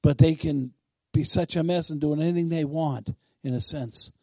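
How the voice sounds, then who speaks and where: A man preaching a sermon who swings between bold, emphatic declarations and quiet, chatty asides to his listeners. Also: fairly high pitch, steady tone, normal speed, no echo.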